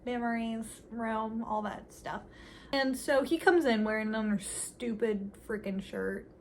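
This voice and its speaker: A woman's voice: on the high side, steady tone, measured pace, darkish tone, slight background noise. A young woman casually recapping a movie with sarcastic, giggly commentary, playfully mimicking the characters' lines.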